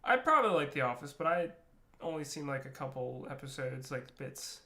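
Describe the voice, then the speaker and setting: Wisecracking male co-host, higher-pitched, casual and quick with a joke. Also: lively intonation, bright, forceful tone. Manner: wisecracking, laughs often. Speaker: podcast co-host. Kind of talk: casual chat.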